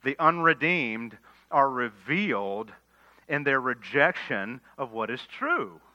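Bright-voiced earnest male preacher. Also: medium pitch, big pitch swings, slow. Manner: earnest preaching, swells to emphatic lines and drops to quiet asides. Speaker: pastor. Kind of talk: expository sermon. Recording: dull lo-fi sermon recording.

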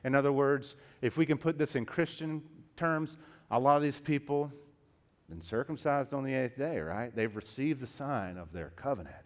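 A man of medium pitch preaches expressively at a moderate pace, serving as pastor. His delivery is impassioned, alternating hushed and loud, emphatic tones, and he calls the audience dear friends and beloved.

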